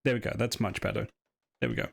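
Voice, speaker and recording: A man's voice: lowish voice, very animated, quick pace, vocal fry. A man from the United Kingdom streaming a game live, chatty and self-deprecating as he explains history between play. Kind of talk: casual live-stream commentary.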